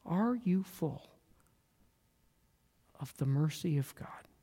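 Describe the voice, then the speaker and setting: A man preaching a sermon, telling a story in a slow, earnest way and dropping to a near-whisper at times. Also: a little high, animated, warm tone, slightly rough.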